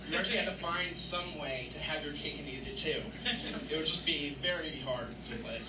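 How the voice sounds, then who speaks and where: Hesitant man, distant and noisy. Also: a little high. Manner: hesitant, halting. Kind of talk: stand-up set. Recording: distant, echoey, dull and noisy.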